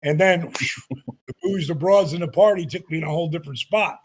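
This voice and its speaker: Gravelly older man telling stories. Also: a little high, brisk. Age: 60s. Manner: animated anecdotes, acts out quotes. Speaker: guest, retired pro wrestler. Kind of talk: storytelling interview.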